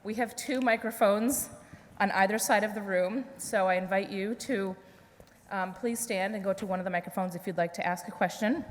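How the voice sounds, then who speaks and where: A woman chairing an event as committee chair and host thanks the speakers and opens a Q&A in a friendly way. Her medium-pitched voice is steady at normal speed, recorded in an echoey event hall with an audience and faint hiss.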